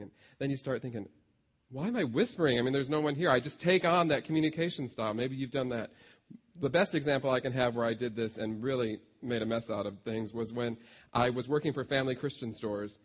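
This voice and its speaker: A man preaching a sermon as a pastor, conversational and self-deprecating as he tells stories to his congregation. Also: medium pitch.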